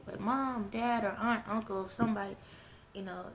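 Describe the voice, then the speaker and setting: A woman's voice: mid-range voice, normal speed, slight background noise. A middle-aged woman and parent, speaking in a candid, earnest, down-to-earth way as she gives casual advice straight to her viewers. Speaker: parent vlogger. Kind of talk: casual advice talk to camera.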